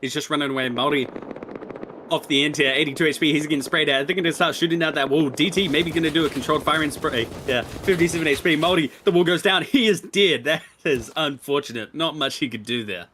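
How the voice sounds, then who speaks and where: Rapid-fire male esports co-caster. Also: on the high side, pushed and bright, a little hiss or hum. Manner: rapid-fire, auctioneer-like calls. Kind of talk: rapid play-by-play commentary.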